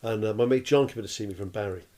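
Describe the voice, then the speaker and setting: A man's voice: on the low side, very fast. A man telling a funny story in casual chat, acting out voices and laughing. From Wales. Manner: animated, laughing anecdote with acted-out voices. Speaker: podcast co-host.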